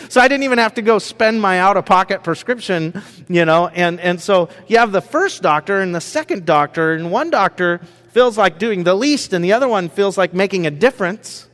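A man preaching in a relaxed, conversational way, telling a personal story with lots of fillers and acted asides. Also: high-pitched, a little fast. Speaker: pastor. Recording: long hall reverb.

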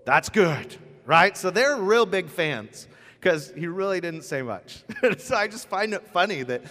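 A man preaching a casual, joking sermon as pastor, telling the story with lively asides. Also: sits high, a little slow. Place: church sanctuary. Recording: church hall with long reverb.

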